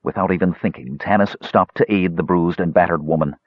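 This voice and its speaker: Deep husky male narrator, expressive. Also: brisk, no echo, muffled recording. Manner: dramatic, expressive reading. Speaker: audiobook narrator. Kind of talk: scripted fantasy narration.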